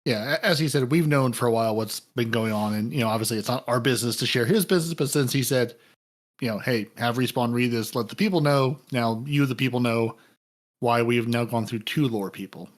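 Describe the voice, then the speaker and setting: A man's voice: medium pitch, a little fast. A man hosting a podcast in casual chat, rambling playfully with jokey asides while thanking listeners. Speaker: podcast host.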